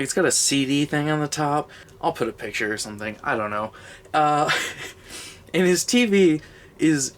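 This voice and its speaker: A man's voice: medium pitch, fairly bright tone. A young man giving a casual, rambling comedic movie review, sarcastic and sweary, laughing as he goes.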